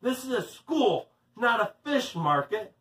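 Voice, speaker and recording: A man's voice: sits high, sing-song, brisk. A man voicing a stern, firm woman teacher who speaks in clipped tones. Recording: roomy, distant mic.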